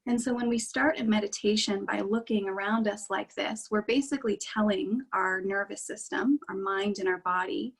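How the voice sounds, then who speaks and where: A woman leading a guided meditation in a gentle, reassuring, unhurried way. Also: medium pitch, steady tone, creaky, husky, poor audio.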